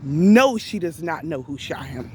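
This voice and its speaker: Woman storyteller, plain casual delivery, deliberate and emphatic, unhurried pace. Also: low voice, expressive, a little hiss or hum. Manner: deliberate, emphatic, with rhetorical questions. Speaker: storyteller recounting an event to viewers. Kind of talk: casual spoken retelling.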